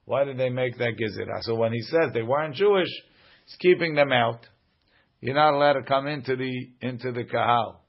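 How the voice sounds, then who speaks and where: A man's voice: medium pitch, a little fast, creaky, highs cut off. A man teaching a Talmud lesson, reading each Aramaic line aloud and then translating it.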